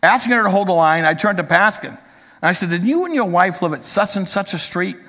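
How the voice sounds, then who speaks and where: A man with a high-pitched voice delivers an earnest sermon, reading a story aloud in a measured, storytelling way. His words ring out with a long reverb, as if spoken in a large sanctuary. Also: expressive, pushed and bright. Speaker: preacher.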